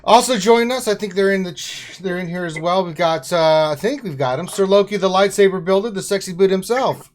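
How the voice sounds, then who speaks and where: A man's voice: high-pitched, a little fast, few pauses. A man hosting a casual gaming live stream, joking as he introduces the panel. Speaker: host. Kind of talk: casual livestream chat.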